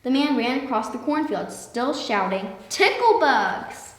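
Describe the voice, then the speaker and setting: A woman reading a children's picture book aloud in a lively way, slowing down for emphasis. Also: a little high. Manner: lively, with slowed emphatic passages. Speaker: storyteller. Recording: echoey room with long reverb.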